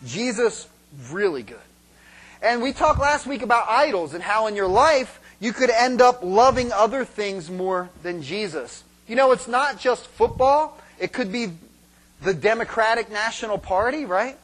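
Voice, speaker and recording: Animated high-voiced man preaching. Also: moderate pace, poor audio. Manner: animated, acts out fans shouting and singing; rhetorical "right?" after points. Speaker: pastor. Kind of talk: sermon.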